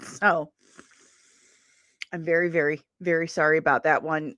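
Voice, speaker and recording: In a dry recording, a woman with a low-sitting voice hosts a rambling, chatty livestream. She laughs a lot and is tired after a long day of travel.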